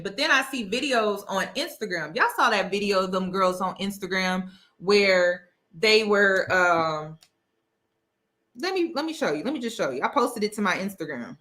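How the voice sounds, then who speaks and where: A woman hosts a casual talk show and speaks directly to her audience. Her voice is bright and sharp, and she drives her points home by repeating them. Her delivery stays emphatic and conversational. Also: medium pitch. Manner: emphatic, repeats key phrases. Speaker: host. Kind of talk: casual commentary to camera.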